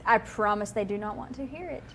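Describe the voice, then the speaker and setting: Bubbly higher-voiced woman co-host. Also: over a noisy crowd. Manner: bubbly, quick-witted, laughing. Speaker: local TV shopping show co-host. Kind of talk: casual on-air banter. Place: local TV studio.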